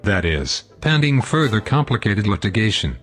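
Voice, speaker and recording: A man's voice: on the low side, sing-song, moderate pace, fairly bright tone, faint music behind. A man hosting a scripted comedy show, pompous, long-winded and sarcastic. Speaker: host.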